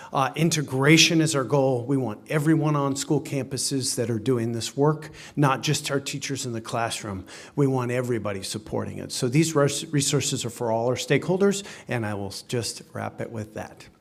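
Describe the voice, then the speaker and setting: A man's voice: medium pitch, normal speed. Earnest man speaking at a board meeting. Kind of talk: public meeting remarks.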